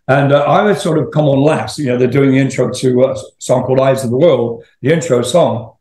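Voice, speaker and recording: A man's voice: medium pitch, a little fast, dark tone, roomy sound. An older man, a rock singer as interview guest, telling long rambling stories with laughs and swearing. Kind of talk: casual storytelling.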